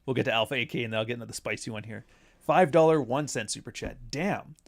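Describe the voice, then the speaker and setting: A man from Canada hosting a casual livestream, talking bluntly and with sarcasm. His voice sits at a middle pitch. He often breaks into laughter at his own jokes. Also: quick pace, creaky. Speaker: commentary streamer.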